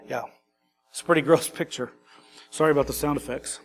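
A man preaching an expository sermon in a conversational, animated way, acting out quotes and adding quick asides. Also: fairly high pitch, a little hiss or hum. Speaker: pastor.

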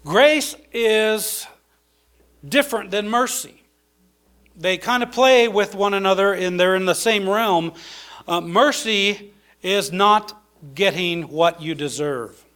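A man's voice: sits high, takes it slowly, fairly bright tone, clear, resonant tone. A man preaching a sermon in a conversational way, with many fillers and restarts.

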